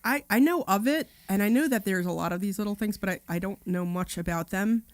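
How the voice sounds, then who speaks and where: A middle-aged woman co-hosts a casual radio talk show, telling an anecdote in loose, chatty runs full of "you know". Her voice sits at an ordinary pitch for a woman. The sound is dry and close, with no room around it. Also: brisk, dry recording. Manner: chatty storyteller, lots of "yeah" and "you know". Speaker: radio co-host.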